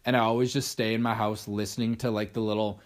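A man's voice: lowish voice, little pitch movement, fast. A young man hosting a podcast, rambling casually on his own with lots of swearing and restarts. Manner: rambling, profane, restarts often. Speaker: podcast host. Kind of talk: casual solo monologue.

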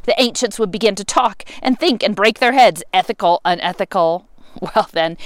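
A woman reading a novel aloud, expressive, with sudden rises and emphatic words. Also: mid-range voice, moderate pace, dry recording. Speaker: reader.

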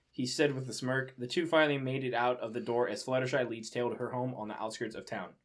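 A man's voice: medium pitch, steady tone, a little fast. A young man reading fan fiction aloud in a casual, amused way, with incredulous asides between the lines. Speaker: reader.

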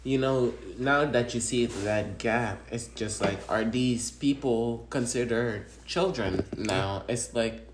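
A young man with a Senegalese French accent speaks earnestly in relaxed, slangy conversation. His voice sits in a middle pitch. The room gives it a noticeable echo, with a faint hiss underneath. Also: slow, few pauses. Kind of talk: casual chat. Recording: echoey room, faint background noise.

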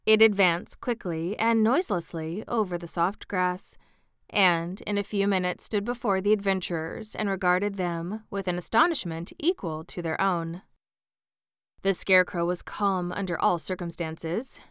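A woman narrating a classic storybook in an even, measured reading. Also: fairly low pitch, clear, resonant tone, no room sound, studio quality.

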